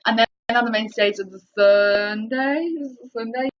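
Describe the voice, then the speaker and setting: A woman, telling a rambling story on a live stream, with many restarts and excited repeats. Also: a little high, moderate pace. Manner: breathless, repetitive, excitable retelling. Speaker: livestreamer. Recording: dull lo-fi livestream audio.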